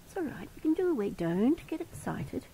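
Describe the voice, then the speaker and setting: A woman's voice: fairly high pitch, big pitch swings, moderate pace, gravelly, warm tone, a little hiss or hum. An Australian woman who cares for wildlife, cooing tenderly to a rescued animal with pet names, indoors at home. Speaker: wildlife carer.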